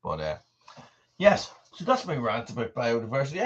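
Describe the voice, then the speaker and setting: Irish male host, mid-pitched, rambly live chat with viewers, slightly dull lo-fi sound. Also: very animated, a little fast, a bit bright. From Ireland. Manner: rambling, answers viewer comments by name. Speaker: channel host. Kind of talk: casual livestream chat.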